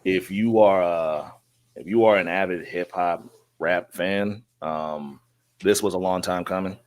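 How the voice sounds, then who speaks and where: A deep-voiced man chatting casually as a podcast co-host. He explains things haltingly, with many fillers between his points. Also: steady tone. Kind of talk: casual chat.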